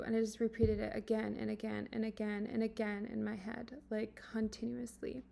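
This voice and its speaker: A woman vlogger sharing a personal story in an earnest, emotional way, speaking softly and haltingly with many fillers. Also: on the high side, completely flat delivery, gravelly. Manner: soft-spoken, halting, full of fillers and restarts; earnest and emotional, at times dropping to a whisper.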